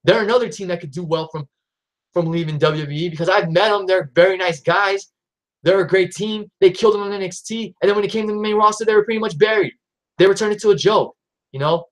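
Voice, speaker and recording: A man ranting in a vlog about wrestling booking, frustrated and exasperated, with frequent restarts and sudden jumps up in pitch when he gets riled. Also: fast talker. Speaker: wrestling YouTuber.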